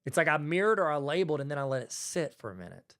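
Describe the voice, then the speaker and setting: Folksy man, slightly high voice. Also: sing-song, very fast, fairly bright tone. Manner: folksy, conversational, acts out dialogue. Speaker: podcast host and educator. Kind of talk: casual solo podcast talk.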